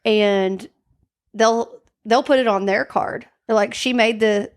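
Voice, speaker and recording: A woman's voice: a little high, steady tone, slow pace. Chatty woman retelling a story. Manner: chatty storytelling, acts out quoted lines, many "like" fillers. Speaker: podcast co-host. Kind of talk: casual true-crime chat.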